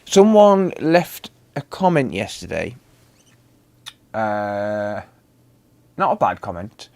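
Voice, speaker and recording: A man's voice: lowish voice, big pitch swings, slow pace, vocal fry, darkish tone. A man hosting a casual live stream, greeting viewers by name and chatting loosely.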